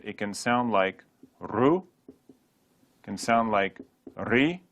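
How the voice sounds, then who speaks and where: A man teaching a Sanskrit pronunciation lesson, drilling each word slowly and repeating it for listeners to copy, with light joking asides. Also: lowish voice, fairly bright tone. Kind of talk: slow spoken pronunciation lesson.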